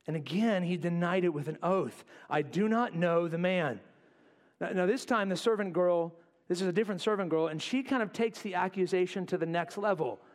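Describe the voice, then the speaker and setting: Pastor guy preaching, acts out the quotes, gets real quiet for asides. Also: high-pitched, brisk. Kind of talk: sermon.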